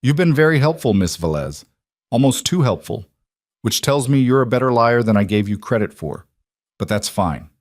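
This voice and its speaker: A man voicing a cold, calculating male crime boss who speaks in measured, menacing tones. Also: mid-range voice, sing-song, dry recording, studio quality, natural voice. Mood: cold menace.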